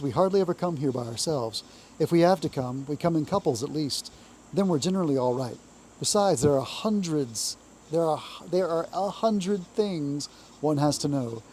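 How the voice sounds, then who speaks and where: A man's voice: fairly high pitch, darkish tone, a little hiss or hum, natural voice, low-quality recording. A man voicing a good-natured, brave male water rat in a storybook reading, talking in a soothing, cheerful way.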